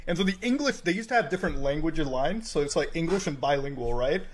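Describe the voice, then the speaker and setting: Casual podcast host, Canadian man, high voice, laughs through his stories, swears a lot. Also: expressive, fast, a little hiss or hum. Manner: storytelling with frequent laughter and swearing. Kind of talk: casual chat.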